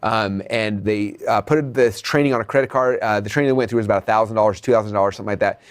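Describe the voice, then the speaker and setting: A man teaching an online business course in an energetic, motivational style, speaking straight to the viewers and often checking in with "okay?". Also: lowish voice, fast talker, clean tone. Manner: addresses viewers as "you guys". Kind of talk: motivational video training.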